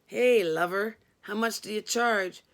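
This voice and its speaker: A woman's voice: mid-range voice, a little slow, close to an everyday voice. A woman doing a brash, rude male caller. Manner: blustering, rude.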